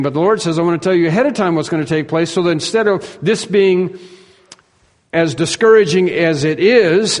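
Emphatic preacher man in a reverberant hall. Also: high-pitched. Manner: emphatic, repeats words, voices the disciples' questions. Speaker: pastor. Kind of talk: expository sermon.

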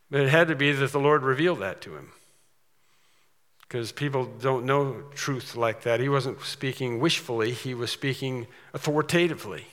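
A man preaching a sermon in a conversational way, often restarting his sentences and slowing down to read scripture with weight. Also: mid-range voice, pushed and bright. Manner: conversational, with repeated restarts and dramatic slowed scripture reading. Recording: long hall reverb.

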